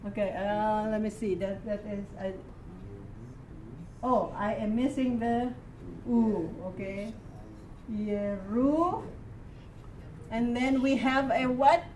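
A woman leads a classroom reading lesson, patient and methodical as she quizzes students one word at a time. Her voice sits a little high, and she takes her time. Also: takes it slowly, long pauses, a little mellow, slight background noise. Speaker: Hebrew reading teacher.

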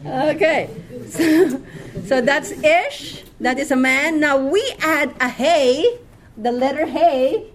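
A woman leads a classroom reading lesson, patient and methodical as she quizzes students one word at a time. Her voice sits a little high, and she takes her time. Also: slow. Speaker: Hebrew reading teacher.

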